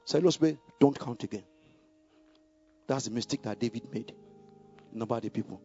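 A man preaching a sermon, dropping to a murmur and rising to loud, emphatic calls, repeating key lines for the congregation to say back. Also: medium pitch, brisk, long pauses. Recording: dull lo-fi recording with faint music.

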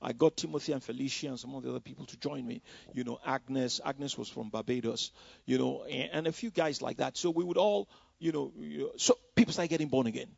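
Gravelly preacher telling his story. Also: medium pitch, brisk, a little mellow, no echo. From Nigeria. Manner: conversational storytelling, full of "you know" asides. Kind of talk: personal testimony in a sermon. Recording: dull, dry lo-fi recording.

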